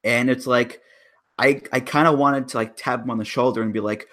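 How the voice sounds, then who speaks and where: A man's voice: mid-range voice, steady tone, a little fast, fairly bright tone. A man co-hosting a casual wrestling chat, making emphatic arguments about storylines. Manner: emphatic, breaks down booking logic.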